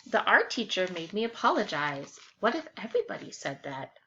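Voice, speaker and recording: A woman teacher reading a picture book aloud to young students, expressive and animated. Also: medium pitch, fairly quick. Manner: warm, expressive, animated storytelling. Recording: slightly dull lo-fi with faint hiss.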